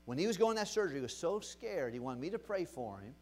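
A man preaching as a pastor, telling a story from his ministry with animated, shifting emphasis. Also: fairly high pitch, fast talker. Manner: animated, swings between loud emphasis and quiet retelling. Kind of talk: sermon storytelling.

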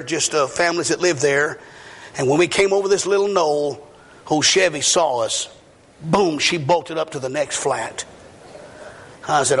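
A man's voice: fairly high pitch, gravelly, fairly bright tone. A middle-aged male evangelist telling a story in a sermon, drawling and folksy with plenty of fillers. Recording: hall reverb, faint noise.

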